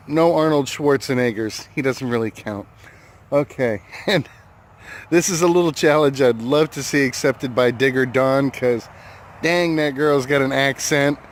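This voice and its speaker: American man, easygoing vlog host, average pitch, relaxed chatter outdoors. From United States. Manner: laid-back, chatty, laughs easily. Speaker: metal detecting vlogger. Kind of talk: casual vlog talk to camera. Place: outdoors at a hunting site and by his truck.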